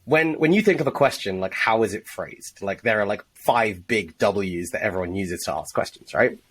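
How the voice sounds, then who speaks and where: A man's voice: fairly low pitch, animated, moderate pace, a bit bright, a little hiss or hum, low-quality recording. A man co-hosting a casual sales chat, explaining techniques with blunt, profane emphasis. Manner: profane, emphatic, teaching with examples. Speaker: sales trainer, co-host.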